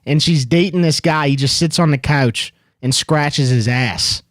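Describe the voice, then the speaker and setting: A man's voice: on the high side, unhurried, no room sound, clean studio sound. A man hosting a call-in sports show, talking in a loose, rambling way with plenty of "um" and "dude.". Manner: laid-back, loose and rambling, lots of "um" and "dude". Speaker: host. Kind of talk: casual sports talk.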